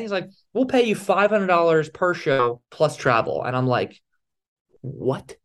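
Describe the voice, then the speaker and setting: Animated young man telling stories. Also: on the high side, unhurried. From Philadelphia area, USA. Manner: animated storyteller, acts out quoted dialogue. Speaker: guest, balancing performer. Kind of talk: casual storytelling interview.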